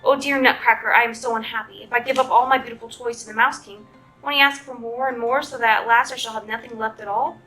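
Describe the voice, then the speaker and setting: A woman's voice: on the high side, steady tone, quick pace, sharp tone, soft background music. A woman voicing an earnest, anxious young girl in a storybook reading, with a pleading tone.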